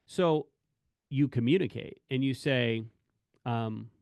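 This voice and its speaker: A man's voice: medium pitch, takes it slowly, gravelly, a little mellow, clear, resonant tone, no room sound. Rambling man telling candid work stories. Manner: rambling, self-correcting, acts out quoted dialogue. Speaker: corrections officer speaking to staff. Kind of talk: candid spoken talk on work and family.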